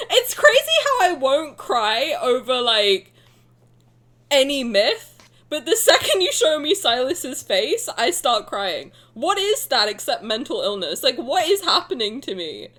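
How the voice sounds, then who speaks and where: A young woman streaming a reaction to a game trailer, excitable and gushing, swearing and laughing as she talks. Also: high-pitched, measured pace. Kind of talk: casual live reaction chat.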